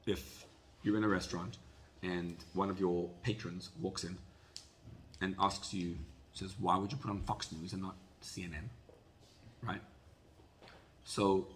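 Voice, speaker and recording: A man teaching a Torah class as a rabbi, telling a story in an animated way and often repeating words. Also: deep voice, slight background noise.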